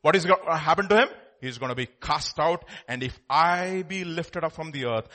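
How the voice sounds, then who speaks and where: A man preaching a sermon, reading scripture and explaining it, swinging between loud exclamations and quiet asides. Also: a little high, brisk, few pauses.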